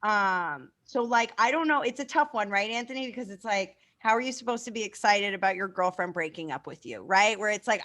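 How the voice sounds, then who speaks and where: A woman's voice: medium pitch, fairly quick, few pauses, fairly bright tone. A woman improv teacher giving class feedback over a video call, enthusiastic and casual, swearing freely.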